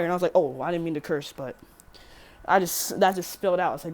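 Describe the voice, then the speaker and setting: A woman's voice: lowish voice, quick pace, a little mellow. Rambling teen girl telling a story. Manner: rambling, swears freely, self-correcting. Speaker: vlogger. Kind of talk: casual storytime.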